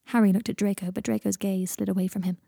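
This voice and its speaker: A woman narrating a fan fiction audiobook in an even, measured reading. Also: mid-range voice, gravelly, breathy edge, dry recording, clean studio sound. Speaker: audiobook reader.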